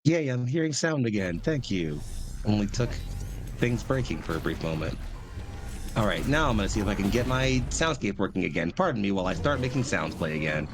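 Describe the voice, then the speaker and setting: A man's voice: fairly low pitch, sing-song, brisk, background noise. A man narrating as game master of a tabletop mech game, apologizing while he fixes his sound setup.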